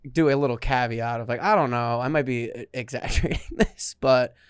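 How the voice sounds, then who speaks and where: A man's voice: mid-range voice, brisk, clear, resonant tone, dry recording, clean studio sound. A man, co-hosting a podcast in casual chat, teasing his co-host and laughing often mid-sentence.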